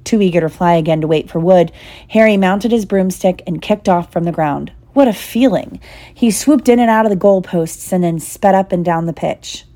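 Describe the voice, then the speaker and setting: Warm, low-pitched woman reading a storybook. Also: normal speed. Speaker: audiobook reader. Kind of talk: storybook narration.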